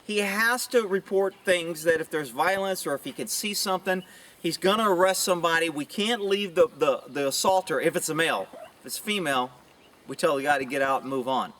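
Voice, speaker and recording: A middle-aged police officer, talking fairly quickly with a fairly bright tone, delivers a blunt, opinionated casual monologue to camera outdoors where chickens are nearby. He drifts into rambling asides, mocks quoted women with high voices, and is recorded somewhat far from the mic.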